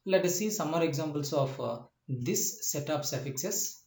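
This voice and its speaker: A man's voice: a little high, expressive, gravelly, darkish tone. A man teaching a lesson, explaining step by step, repeating points and often asking whether the listener understands. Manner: slow, repetitive explanations with frequent "uh" and checking questions. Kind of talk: classroom lecture. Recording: echoey room.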